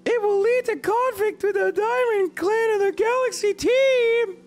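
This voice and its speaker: A man doing a squeaky, exaggerated falsetto voice for an earnest fantasy clan warden while reading game dialogue aloud. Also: a little slow, soft background music. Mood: urgent.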